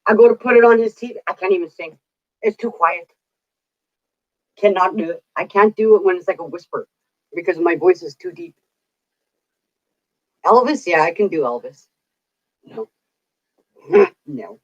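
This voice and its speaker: A woman's voice: on the low side, lively intonation, normal speed, long pauses, darkish tone, dull audio. A middle-aged woman telling stories in casual chat, chatty, laughing often and swearing casually. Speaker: vlogger.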